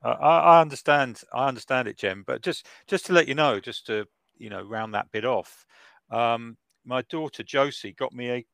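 A man's voice: medium pitch, moderate pace, creaky, fairly bright tone, no echo. A middle-aged man hosting a casual podcast chat, laughing often. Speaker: podcast host.

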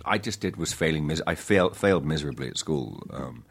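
A man, an actor guest, chatting in an interview with a halting, self-deprecating manner, full of restarts and laughs. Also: rumbling low, expressive, gravelly, husky. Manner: laughs between thoughts. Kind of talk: casual interview chat.

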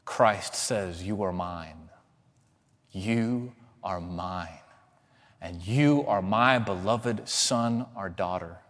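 A man preaches from the pulpit, rising to emphatic peaks and dropping to near hushes. His voice hangs in a church sanctuary with a long reverb. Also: mid-range voice. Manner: dynamic preaching, swings between loud emphatic and hushed. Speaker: pastor. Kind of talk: sermon.

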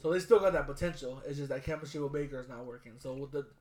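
A man co-hosting a casual sports podcast, telling stories with a lot of swearing and loud bursts when he gets excited. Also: mid-range voice, very fast. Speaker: podcast co-host.

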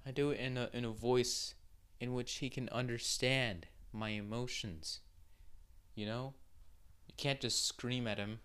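A young man hosts a solo podcast, rambling casually and profanely with plenty of filler words. His mid-range voice is unhurried, fairly bright, and clean in tone.

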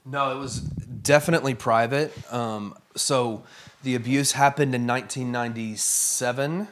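A man telling a personal story as a guest in a conversation, earnest and halting with many fillers. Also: mid-range voice, fairly even intonation.

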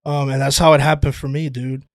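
A man chatting casually as a podcast guest, telling animated stories, swearing freely and calling people "dude". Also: mid-range voice, fairly quick, dry recording, clean studio sound. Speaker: guest, actor and playwright.

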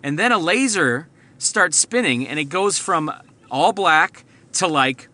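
A man's voice: a little high, animated, a little slow, bright, forceful tone. A man hosting a podcast, telling a rambling, profane story from inside his car. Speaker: podcast host. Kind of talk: casual storytelling monologue.

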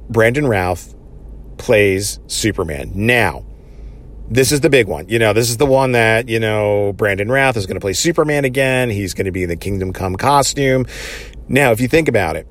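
A man casually recapping a TV episode, enthusiastic and rambling, with many fillers. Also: on the low side.

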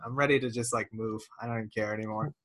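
A man's voice: lowish voice, steady tone, fast, a bit bright. A man in his thirties, co-hosting a casual podcast, telling profane rambling stories full of "dude". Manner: profane, ranting storyteller, lots of "dude". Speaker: podcast co-host.

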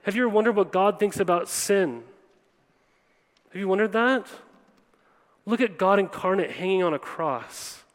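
High-voiced pastor preaching in a big hall. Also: male voice, lively intonation, normal speed, long pauses. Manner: conversational, often acting out quoted people. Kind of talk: sermon. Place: church hall before a congregation. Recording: long reverb of a large hall.

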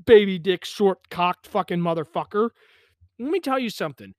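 Profane ranting man, high voice. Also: very animated, a little fast, no echo, clean studio sound. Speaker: podcast host. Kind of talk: ranting solo podcast. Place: pump house in the countryside.

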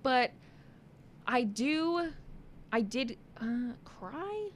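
A woman's voice: high voice, big pitch swings, very slow, slight background noise. A young woman co-hosting a podcast in casual chat, chatty and giggly with lots of filler words. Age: young adult. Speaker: podcast co-host.

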